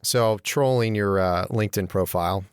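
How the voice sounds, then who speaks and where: Deep-voiced man host, dry sound. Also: normal speed, smooth, dry recording. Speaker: podcast host. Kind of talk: interview questions.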